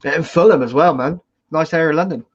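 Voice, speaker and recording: A man from the United Kingdom chatting on a livestream video call, energetic and quick to banter. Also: on the high side, slightly rough. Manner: energetic, plugging, laughing banter. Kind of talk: casual livestream chat. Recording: dull lo-fi call audio.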